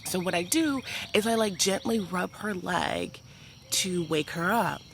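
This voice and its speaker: A woman vlogger telling a personal story to camera in an animated, chatty way, full of "like" and speaking to viewers as "y'all.". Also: lowish voice, unhurried, creaky, a little hiss or hum.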